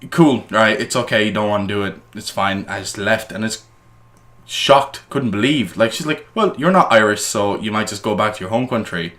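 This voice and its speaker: A man co-hosting a casual podcast, telling a story in a fast, rambling way with restarts and indignant bursts. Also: on the low side, expressive, fairly bright tone. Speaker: podcast co-host.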